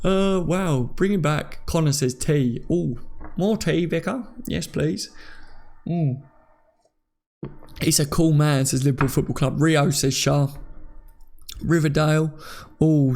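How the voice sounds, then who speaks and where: A man's voice: a little high, steady tone, unhurried, darkish tone. A young man hosting a casual live stream, reading viewer comments aloud and laughing often.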